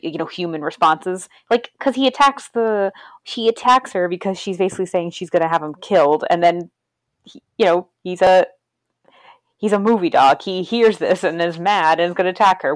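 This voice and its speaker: A woman with a lowish voice chats about a film with a friend and slips into quick impressions of the characters. She laughs often as she goes. The sound is close and dry, with no room around it. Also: no room sound. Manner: chatty, laughs often, retells scenes with quoted voices. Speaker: podcast co-host. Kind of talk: casual movie discussion.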